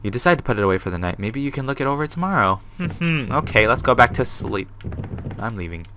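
A man's voice: mid-range voice, very animated, fast talker, sharp tone, a little hiss or hum. A young man hosting a gaming video. He reads a horror game's text aloud and reacts with nervous swearing. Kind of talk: horror game commentary and reading game text aloud.

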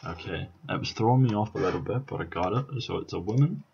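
A man's voice: fairly low pitch, fast, vocal fry, darkish tone, dull audio, a little hiss or hum. A Scottish man casually commentating on his own language-app practice, thinking aloud and chuckling at his mistakes. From Scotland. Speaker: vlogger. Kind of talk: casual let's-play commentary.

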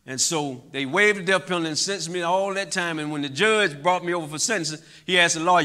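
A middle-aged man giving an impassioned testimony talk to a church audience, moving between loud outbursts and quiet, heavy moments. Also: fairly high pitch, lively intonation, quick pace, hardly any pauses. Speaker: guest speaker. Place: church hall.

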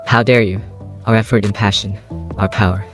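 Man voicing an indignant young vampire, furious, low voice, soft music. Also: fairly even intonation, a little fast, close to an everyday voice. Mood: enraged. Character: enraged young male vampire hero.

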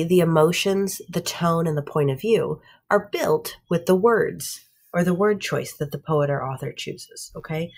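A woman's voice: fairly low pitch, a little mellow. A woman teaching a middle school class, explaining patiently with everyday examples and checking in with "okay?" and "right?" after each point. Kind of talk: classroom lecture.

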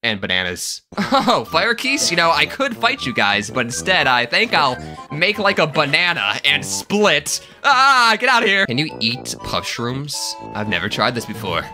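Animated, joking man on gameplay. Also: a little high, moderate pace, music in the background. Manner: jokey, animated, yelps and laughs. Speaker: gaming video host. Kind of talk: comedic gameplay commentary.

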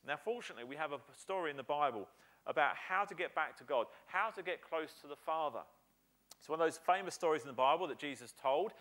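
British male pastor, sermon delivery, lively sing-song pitch, slightly higher voice than most men. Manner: animated preaching, acting out quoted voices with slowed emphatic lines.

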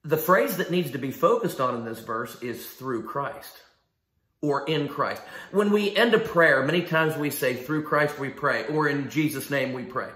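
A man's voice: fairly high pitch, expressive, moderate pace, hardly any pauses, a bit bright, echoey room. A man preaching a sermon in an emphatic style, asking rhetorical questions and repeating key phrases. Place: church sanctuary.

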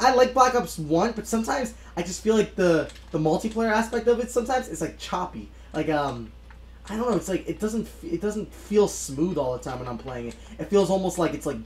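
Young guy yelling and chatting over a shooter game, bouncy voice all over the place, echoey room. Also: high voice. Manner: excitable, bursts into shouts at the game. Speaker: gaming YouTuber. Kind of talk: live gameplay commentary. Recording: roomy echoey room sound.

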